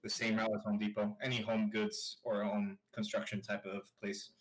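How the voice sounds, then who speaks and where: A man co-hosting a podcast, chatting casually and profanely in an animated, rambling way. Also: fairly low pitch, normal speed, poor audio. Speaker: podcast co-host.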